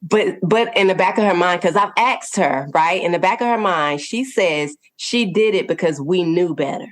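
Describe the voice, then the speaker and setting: Low-voiced woman telling her story. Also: normal speed. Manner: earnest, laughs often, checks in with "okay?" and "right?". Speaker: podcast guest, parenting coach. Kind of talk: conversational storytelling.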